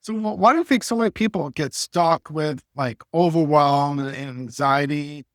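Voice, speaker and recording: A man's voice: on the high side, normal speed, fairly bright tone, no echo, clean studio sound. Man host asking rambling questions. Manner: questions full of "like" and restarts. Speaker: podcast host. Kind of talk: conversational interview.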